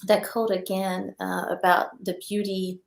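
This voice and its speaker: A woman hosting an interview, affirming her guest with many soft responses. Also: medium pitch, level tone, a little slow, gravelly, reverberant. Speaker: podcast host. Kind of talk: conversational interview.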